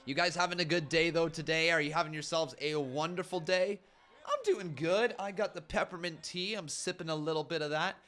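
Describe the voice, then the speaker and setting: A man's voice: fairly high pitch, lively intonation, a little fast, pushed and bright. A man hosting a live stream watch-along, commenting with upbeat energy, laughing often and chatting with his viewers. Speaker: host.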